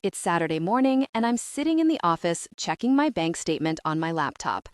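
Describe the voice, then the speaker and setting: A woman narrates a comedy audiobook in the first person, gushing and excitable. Her pitch swings widely as she reads. The recording is dry and close to the mic. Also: a little fast, dry recording.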